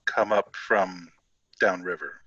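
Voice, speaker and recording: A man's voice: low voice, steady tone, slow, pushed and bright, slightly rough, no room sound, lo-fi sound. A man playing his character in a tabletop role-playing game, speaking in a hesitant, polite way. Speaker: player.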